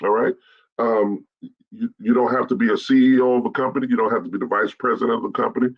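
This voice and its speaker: A man's voice: mid-range voice, steady tone, fast talker, breathy edge, highs cut off. A middle-aged man, a bishop, giving a blunt straight-talk message to pastors, repeating his points to drive them home.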